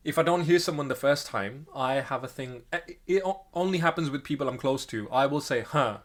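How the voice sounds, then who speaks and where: A man's voice: mid-range voice, a little fast. A man co-hosting a podcast, talking casually in a rambling, self-correcting way with frequent chuckles. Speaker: podcast co-host. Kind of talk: casual chat.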